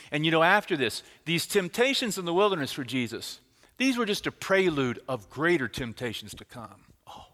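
A man preaching a sermon as pastor, telling stories with dramatic swings from loud to hushed. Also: medium pitch. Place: church sanctuary. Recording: reverberant church hall.

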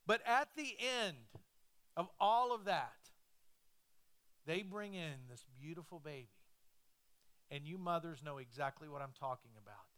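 Bright high-voiced male pastor preaching. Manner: dynamic, swings from loud to hushed. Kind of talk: sermon.

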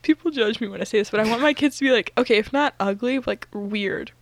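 A woman's voice: fairly high pitch, fast talker, no room sound. Giggly rambling woman podcaster, dry sound. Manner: giggly, rambling with many likes. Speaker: podcast co-host. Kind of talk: casual chat.

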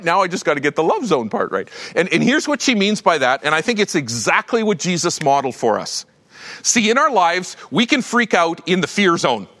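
A man's voice: sits high, pushed and bright. A middle-aged man preaching a sermon in a conversational, self-deprecating way, with restarts and little laughs. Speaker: pastor.

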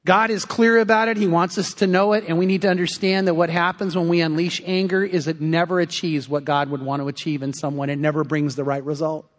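A man's voice: on the high side, level tone, fairly quick, hardly any pauses. A male pastor preaching a sermon, telling a story animatedly and acting out the characters' lines. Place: church sanctuary. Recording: long reverb of a church hall.

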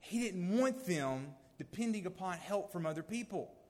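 A man giving a sermon, swinging from loud emphasis to hushed, near-whispered lines. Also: high-pitched, expressive, normal speed, long reverb tail. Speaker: lay preacher.

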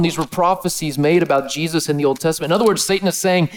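Male pastor, sermon, high voice, energetic, slangy. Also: fast, hardly any pauses.

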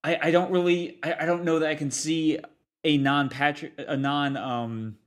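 A man's voice: fairly high pitch, steady tone, moderate pace. A man co-hosting a podcast in casual chat, rambling through his opinions in stop-start phrases. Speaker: podcast co-host.

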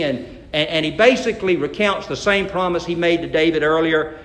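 A man's voice: a little high, brisk, fairly bright tone, reverberant. A male pastor preaching a sermon, retelling a Bible story in a folksy way and acting out the quotes.

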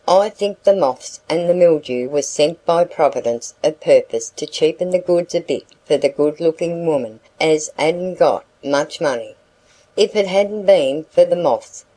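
A woman's voice: sits low, mellow, low-quality recording. A woman voicing a talkative rural male packman who coaxes a customer in a broad country dialect. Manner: coaxing sales patter.

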